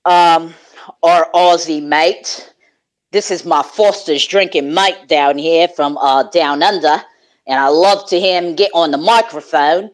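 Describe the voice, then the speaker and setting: A woman's voice: low-pitched, a little slow, poor audio. A woman hosting a live audio chat room, talking in a slangy, profane, joking, laid-back way. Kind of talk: casual chat.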